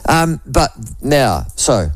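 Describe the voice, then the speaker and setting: A man in his sixties with a New Zealand accent, hosting a talk radio show with a voice hoarse from a cold, rambling and chatty with many restarts. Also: mid-range voice, sing-song, drawn-out words, no echo. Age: 60s. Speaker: radio host. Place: radio studio.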